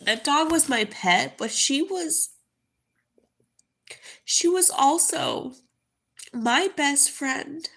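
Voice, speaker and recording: A young woman talking to camera in a halting, grieving way, full of fillers and restarts. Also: high voice, expressive, creaky, fairly bright tone. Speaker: vlogger. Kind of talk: casual spoken monologue.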